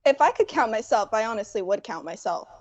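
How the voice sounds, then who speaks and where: A woman's voice: medium pitch, lively intonation, fast, lo-fi sound. A woman from New York, guesting on a casual podcast with a wry, modest manner. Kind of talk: casual chat.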